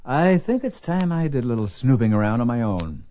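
A man's voice: medium pitch, big pitch swings, fairly quick, dark tone, natural voice. An actor playing a self-important, suspicious male boss who talks in a clipped, curt way in a soap opera. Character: pompous male newspaper chief, curt and suspicious.

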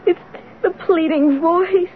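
An actress playing a feverish, frightened young daughter who pleads earnestly to be believed, in an old-time radio drama style. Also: female voice, very high-pitched, slow pace, slight background noise. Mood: fearful. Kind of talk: 1940s radio acting. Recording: tinny old radio broadcast.

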